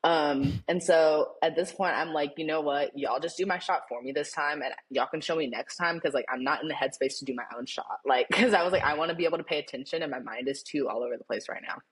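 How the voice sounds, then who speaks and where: A young man, a podcast guest, telling a story in casual chat, animated and laughing often, with lots of "like". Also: a little high, fast, hardly any pauses. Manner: animated, laughing, heavy use of "like".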